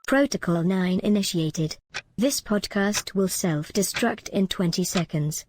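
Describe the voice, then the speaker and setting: A woman's voice: mid-range voice, a little slow, lightly acted. A woman doing a female computer assistant. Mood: announcing. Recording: noisy with clicks.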